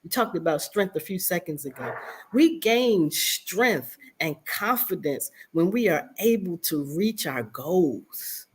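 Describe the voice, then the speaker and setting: A woman's voice: on the low side, lively intonation, slow, a little hiss or hum. A woman guest speaker giving earnest, motivational answers on a radio talk show, often repeating words as she speaks.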